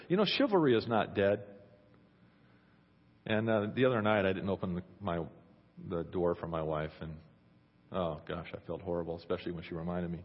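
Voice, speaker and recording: A man's voice: lowish voice, husky. A middle-aged male pastor preaching a sermon in a conversational, humorous way, acting out little quotes. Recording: dull recording with long hall reverb.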